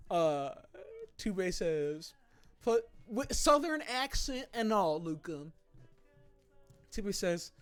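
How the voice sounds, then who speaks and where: A man runs a livestream, chatting casually with viewers and reading their comments aloud in relaxed slang, his pitch swinging lively up and down.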